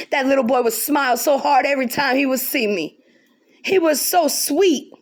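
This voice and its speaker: A woman's voice: a little high, brisk. A woman vlogger delivering an angry direct-to-camera rant, heated and profane, repeating lines for emphasis.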